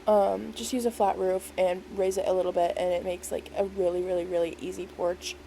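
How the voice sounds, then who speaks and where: Mellow-voiced woman rambling casually. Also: on the low side, level tone, a little fast, creaky, slight background noise, rough recording. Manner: rambling, filler-heavy, lots of "like" and "um"; self-deprecating, easygoing. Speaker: game build creator. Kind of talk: casual voice-over walkthrough.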